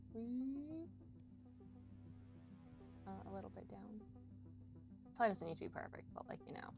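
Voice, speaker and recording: A woman's voice: mid-range voice, vocal fry. A young adult woman streaming a game, chatting casually with her viewers and swearing often as she works through a puzzle. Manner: chatty, swears a lot, talks to chat. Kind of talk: casual live-stream commentary while gaming.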